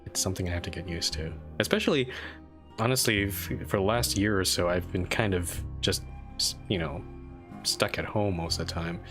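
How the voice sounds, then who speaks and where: Male game streamer, lowish voice, rambling self-deprecating chat, faint music underneath. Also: moderate pace. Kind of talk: casual live-stream commentary.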